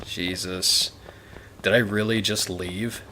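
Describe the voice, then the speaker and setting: A man playing a horror game and reacting out loud, slow and low-voiced, blunt and sarcastic with constant swearing. Mouse clicks and game sounds come through clearly behind him. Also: steady tone, heavy background noise. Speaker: let's play host. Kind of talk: gameplay commentary.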